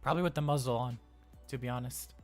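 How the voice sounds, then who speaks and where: Speaking quickly with fairly even intonation, a man with a medium, slightly mellow voice close to his everyday sound plays an anxious, cheerful male robot daycare attendant on a live role-play stream. The flustered, chatty robot rambles and stammers over faint background music.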